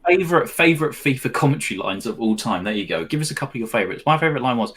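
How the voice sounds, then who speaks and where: A man's voice: medium pitch, animated, very fast, hardly any pauses, a bit bright. A man co-hosting a casual live football watch-along, mixing play-by-play with rambling chat. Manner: chatty, rambling, with fillers and laughs. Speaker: co-host of a match watch-along.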